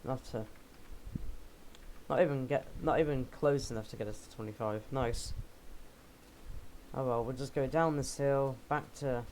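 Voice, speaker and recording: Playing a game, a young man offers rambling, jokey remarks and self-mocking asides in casual commentary. He talks at normal speed with a medium, fairly even, slightly mellow voice and long pauses, and the poor audio carries a little hiss or hum.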